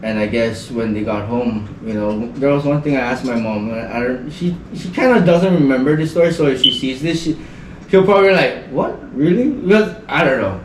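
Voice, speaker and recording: Talking fairly quickly with few pauses in a mid-range voice, a man from the Northern Mariana Islands rambles through a story as a guest on a casual podcast, leaning on "like" as filler. The distant mic gives a roomy sound with a little hiss or hum.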